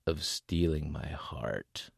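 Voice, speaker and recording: A man's voice: sits low, measured pace, no echo, clean studio sound. A man playing a sneering crooked cop. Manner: sneering, taunting. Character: crooked cop, smug and mocking.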